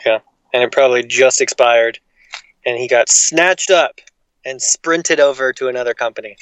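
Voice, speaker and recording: Laid-back man chatting, bright and dry. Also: medium pitch, fairly even intonation, normal speed, smooth, dry recording, low-quality recording. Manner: laid-back, laughs easily. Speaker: podcast co-host. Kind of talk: casual chat.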